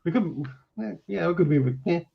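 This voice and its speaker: A man's voice: high voice, moderate pace, creaky. A man hosting a casual film chat, chiming in with short agreements and prompting the others. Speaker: podcast host. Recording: dull lo-fi sound.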